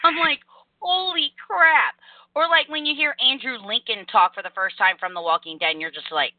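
A woman hosting a casual podcast chat, blunt and animated, swearing casually. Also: medium pitch, quick pace, no echo. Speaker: podcast host. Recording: phone-like narrow sound, dry.

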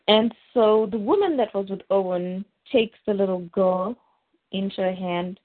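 A woman's voice: mid-range voice, normal speed. A woman hosting a podcast, casually recapping a TV episode in a rambling way with plenty of fillers, heard over a tinny, phone-like line. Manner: rambling, full of fillers and restarts.

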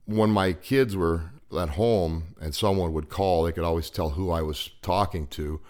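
Deep-voiced rambling man in his fifties. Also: moderate pace, a little mellow. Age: 50s. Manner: rambling, hesitant with fillers. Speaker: guest. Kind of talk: casual storytelling chat.

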